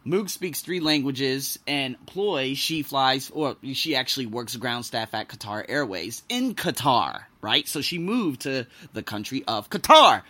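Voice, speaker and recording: Animated, excitable man telling a story. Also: a little slow, few pauses. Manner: animated, swings between loud exclamations and low asides; profane, excitable. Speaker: podcast host. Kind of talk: casual storytelling monologue.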